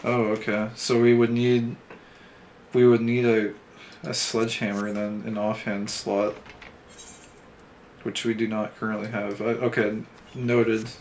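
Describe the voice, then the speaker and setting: Low in pitch, a little slow, and somewhat mellow, this young man's voice barely moves in pitch and leaves long pauses. He's doing casual let's-play commentary on an online game, reading quest text aloud and musing with dry sarcasm. Faint game music and slight background noise sit underneath.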